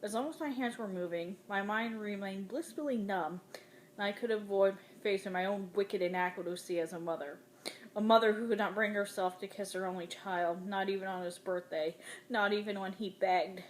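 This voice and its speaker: A woman reading a novel aloud in the first person with dramatic, expressive delivery. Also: medium pitch, moderate pace, slight background noise. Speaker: audiobook reader.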